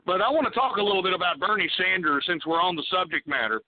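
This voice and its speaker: A man's voice: sits high, expressive, fast talker. A man hosting a radio talk show, ranting angrily and exasperatedly with lots of swearing. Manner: swears a lot. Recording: tinny phone-like radio audio.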